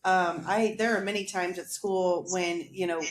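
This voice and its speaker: A woman's voice: lowish voice, steady tone, a little slow. A woman speaking reflectively in a casual podcast chat, often humming agreement. Her voice rings in an echoey room with a faint hiss underneath. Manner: warm, reflective, frequent affirming hums. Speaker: school counselor.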